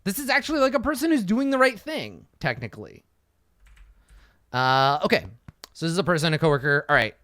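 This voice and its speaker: A man's voice: fairly high pitch, sing-song, brisk, long pauses, bright, forceful tone, no echo. A man talking casually as a game master, thinking aloud while he prepares a campaign session, swearing freely and acting out quotes. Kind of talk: casual solo campaign prep talk.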